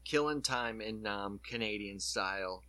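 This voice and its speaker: Bright-voiced man chatting excitedly. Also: on the low side, unhurried. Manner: excited, laughing, swearing, retelling scenes. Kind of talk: casual podcast chat.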